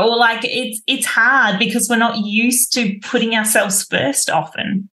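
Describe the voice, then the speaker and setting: A woman's voice: fairly high pitch, normal speed, few pauses, sharp tone. A woman hosting a casual podcast, reflective and agreeable, often affirming her guest. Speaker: podcast host. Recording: roomy echo.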